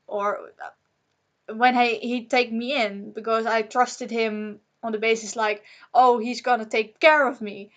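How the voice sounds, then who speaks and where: A young woman whose first language is Dutch, talking on a personal vlog in a halting, emotional way, with nervous laughs and many fillers. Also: on the high side, a bit bright, dull audio. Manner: angry and shaken. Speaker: vlogger.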